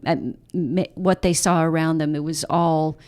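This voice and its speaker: A middle-aged woman author answering interview questions in a thoughtful, conversational way, with frequent pauses and fillers. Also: sits low, little pitch movement, darkish tone. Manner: thoughtful, many fillers and restarts. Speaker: author and journalist, podcast guest.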